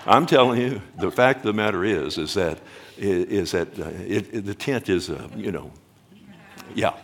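A low-voiced man delivers a sermon as pastor. He preaches earnestly with animated emphasis, doubling back on his phrases and turning often to the congregation with questions. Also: a little slow, a little hiss or hum.

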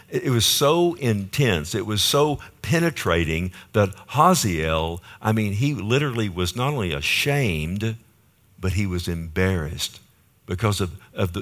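Lower-voiced preacher man. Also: fairly bright tone. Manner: conversational preaching, asks the congregation questions. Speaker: pastor. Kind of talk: sermon.

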